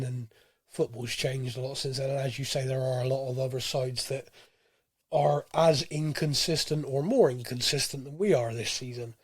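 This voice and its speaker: A man co-hosting a casual football fan podcast, talking in an animated, rambling way with frequent restarts. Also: medium pitch, husky, no room sound, clean studio sound. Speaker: podcast co-host.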